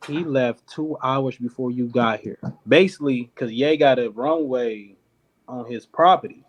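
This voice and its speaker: A man from Detroit tells a story at a medium pitch, in a loose, lively way. He laughs between lines and slips into other people's voices as he recounts what they said. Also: a little slow. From Detroit, United States. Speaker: podcast guest, clothing company founder. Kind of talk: casual storytelling.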